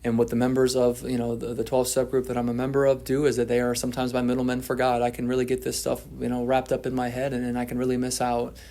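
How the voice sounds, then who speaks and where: A man's voice: medium pitch, monotone, fast talker, hardly any pauses, warm tone. A man telling his story at a twelve-step recovery meeting, candid and self-deprecating, often restarting his sentences.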